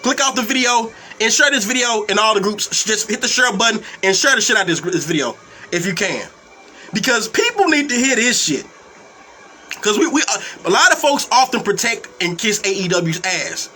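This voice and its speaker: Heated high-voiced man ranting. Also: expressive, normal speed, sharp tone, a little hiss or hum. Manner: heated, cursing, repeats words while ranting. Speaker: wrestling commentary host. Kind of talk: profane live-stream rant.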